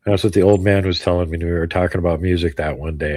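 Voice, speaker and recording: A man chatting casually as a co-host, calm and with dry humor. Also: low voice, quick pace, no room sound. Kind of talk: casual chat.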